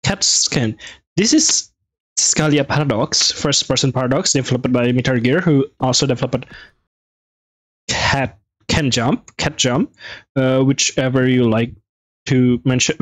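In an eager, gabby let's play, a gaming video host reads on-screen text aloud and fires off quick reactions. His voice is mid-range, and the audio carries no room sound.

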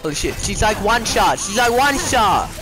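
A man's voice: high voice, big pitch swings, moderate pace, poor audio. A young man playing a game on camera, whining and swearing in constant outbursts. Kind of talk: raging gameplay commentary. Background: game music.

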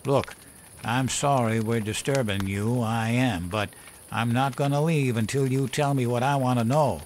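A man voicing a gruff old male storyteller who drinks, talking in a folksy, profane, chuckling way. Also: medium pitch, normal speed, a little mellow, a little hiss or hum, voice pushed up, close to an everyday voice. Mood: gruff storytelling.

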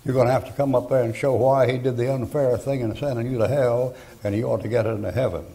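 A man's voice: medium pitch, fairly even intonation, fast talker, gravelly, dark tone, low-quality recording. An older man preaching a fiery sermon in a folksy, blunt, emphatic way. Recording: archival sermon recording.

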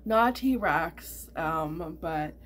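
A middle-aged woman rambles through a casual chat to her viewers, full of fillers and restarts. Her voice sits a little low for a woman. A faint hiss of background noise runs under the recording. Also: lively intonation, extremely slow. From Canada. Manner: chatty and rambling, many fillers and repeats. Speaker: vlogger.

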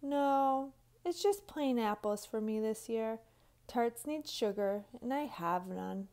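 A woman voicing a graceful, gentle female deer in a storybook, speaking softly. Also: a little high, expressive, slow pace.

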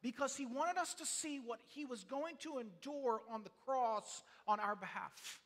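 A high, bright-voiced man preaching to his congregation in an earnest, pleading way, stumbling over and repeating words as he presses his point. His voice rings with a long reverb from the hall around him. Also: moderate pace. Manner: builds from quiet talk to passionate shouting. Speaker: pastor. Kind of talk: sermon.

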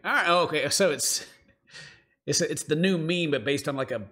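A man's voice: a little high, moderate pace. A man hosting a casual meme reaction show, laughing often and joking around. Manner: laughs often, jokey, animated. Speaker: YouTube host reacting to memes. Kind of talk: casual comedic commentary.

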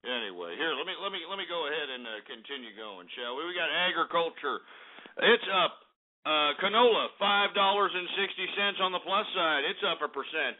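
A man's voice: a little high, expressive, fairly quick. A man hosting a talk radio show, ranting abrasively and sarcastically with lots of swearing, through tinny phone-like sound.

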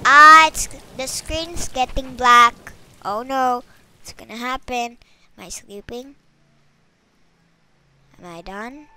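A woman's voice: fairly high pitch, takes it slowly, pauses often, pushed and bright, a little hiss or hum. A woman hosting a gaming channel, gushing and exclaiming as she plays a game for the first time. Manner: gushing, exclaiming over cuteness. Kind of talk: first-time gameplay commentary. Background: game music with rain.

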